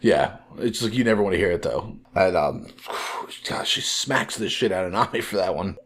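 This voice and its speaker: A young man chats on a podcast in a fairly low voice. He recaps scenes animatedly, slipping in acted-out quotes and casual swearing. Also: expressive, normal speed, a bit bright. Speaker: podcast co-host, first-time reader.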